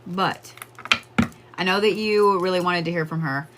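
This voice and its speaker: A woman's voice: lowish voice, fairly even intonation, normal speed, background noise. A woman giving casual psychic readings on a livestream, chatting with viewers and laughing often.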